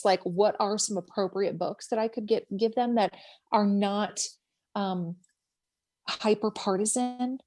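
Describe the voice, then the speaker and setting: A woman's voice: medium pitch, a little mellow. Interview guest: woman, Minnesota accent, earnest and chatty, laughs easily, mid-range voice, video call. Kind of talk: casual interview chat.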